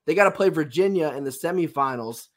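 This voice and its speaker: Brief: sick, raspy man breaking down a game, slightly high voice, excited. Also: fast. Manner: enthusiastic, emphatic repetition. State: raspy, under the weather. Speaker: podcast host. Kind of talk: sports podcast analysis.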